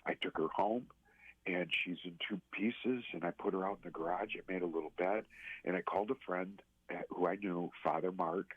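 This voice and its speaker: A man telling a personal story as a radio interview guest, earnest and halting, with many restarts. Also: low-pitched, breathy edge, dry recording. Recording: tinny phone line.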